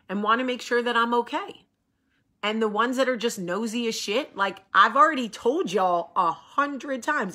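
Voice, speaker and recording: A woman's voice: fairly high pitch, pushed and bright. A woman host in her thirties, coming down with a cold, talking bluntly and acting out quoted voices in casual chat.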